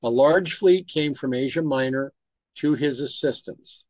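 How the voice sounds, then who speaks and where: Man reading aloud at a Bible study, steady, mid-pitched, dry dull recording. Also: measured pace, no echo. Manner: steady reading, stops to comment on pronunciation.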